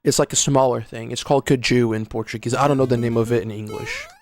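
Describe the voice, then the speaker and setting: Young guy, casual speedrun streamer, loose slangy talker who grumbles at his own runs; average pitch. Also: fast, faint music behind. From Brazil. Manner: rambling slangy chatter, muttering at his own gameplay. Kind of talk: casual livestream chat while playing.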